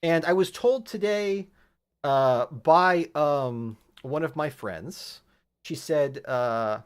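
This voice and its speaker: A man's voice: fairly high pitch, takes it slowly, smooth. A man streaming a video game from home, chatting casually and thinking aloud with many fillers. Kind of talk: casual gameplay chat.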